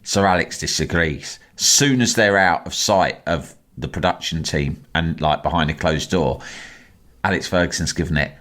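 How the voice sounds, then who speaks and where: A man's voice: sits low, normal speed. Man telling a sweary anecdote. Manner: animated, swears freely, lively quoted voices. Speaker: storyteller in a chat.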